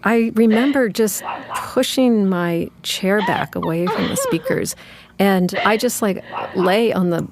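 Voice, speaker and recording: A woman's voice: mid-range voice, big pitch swings, measured pace, background noise. A woman telling a personal story in a reflective, conversational way. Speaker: narrator. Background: music.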